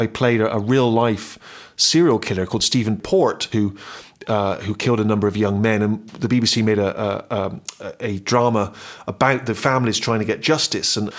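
A middle-aged man with a West Country Bristol accent, speaking at a mid pitch as a radio interview guest. He circles around his points, restarting sentences and leaning on fillers as he talks about his work. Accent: Bristol West Country English. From Bristol, West Country, England. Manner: hesitant, many restarts and filler words. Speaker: interview guest, actor and writer.

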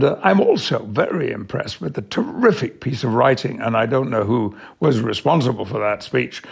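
An older man with an English accent, an actor answering interview questions in a measured, emphatic way. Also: medium pitch, gravelly, husky. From England. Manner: measured, warmly emphatic, slows on key words. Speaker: guest, actor.

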